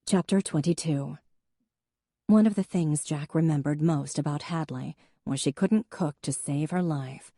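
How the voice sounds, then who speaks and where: An audiobook narrator delivers scripted narration in a low, mellow voice at an unhurried pace. The recording is studio quality with no room sound.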